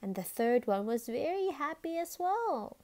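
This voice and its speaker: A woman from Australia reading a picture book aloud, lively and expressive, stopping now and then to ask her young listeners questions. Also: high voice, a little slow. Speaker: storybook reader.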